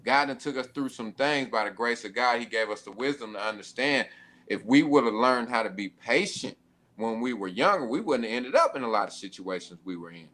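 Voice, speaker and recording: A young adult man speaking in a relaxed way during a casual panel talk, often adding "you know what I mean". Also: mid-range voice, brisk. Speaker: panel guest.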